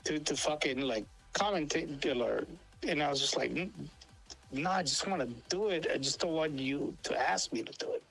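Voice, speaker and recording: A man's voice: a little high, moderate pace, creaky, fairly bright tone, faint music behind, low-quality recording. A man telling rambling stories as a co-host, with heavy swearing and many fillers and restarts. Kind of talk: casual storytelling chat.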